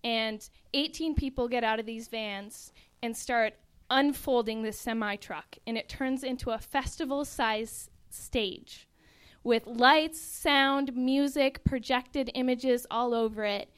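A woman's voice: a little high, fairly even intonation, slow, clean tone. A young woman, an actress in a touring ministry show, vividly and earnestly describing the show to an audience.

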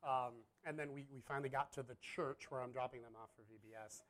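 A man's voice: mid-range voice, steady tone, quick pace, a bit bright. A man in his thirties, a pastor, telling a personal story in a candid, self-deprecating, rambling way with frequent laughs. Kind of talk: casual storytelling.

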